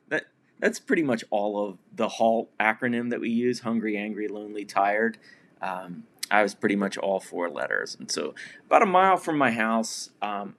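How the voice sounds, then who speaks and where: A man in his forties tells a personal story in a loose, rambling way. His voice sits somewhat low, and he leans on fillers and chuckles at himself as he goes. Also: a bit bright. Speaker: podcast host in recovery.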